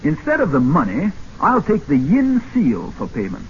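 A cocky, gallant adventurer. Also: male voice, fairly high pitch, wildly swooping pitch, normal speed. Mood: breezy. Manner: breezy and wisecracking. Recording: muffled old film soundtrack, faint hiss.

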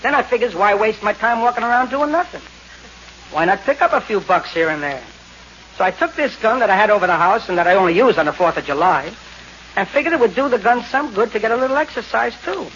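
A man voicing a dim-witted, lazy male stick-up man with a slow, self-pitying drawl, in 1930s radio comedy acting. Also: sits high, animated, a bit bright, slight background noise. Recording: lo-fi old radio recording.

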